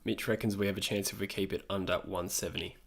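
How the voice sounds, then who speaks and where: A man's voice: low-pitched, little pitch movement, quick pace. A young Australian man hosting a live stream, chatting casually and answering his viewers' messages.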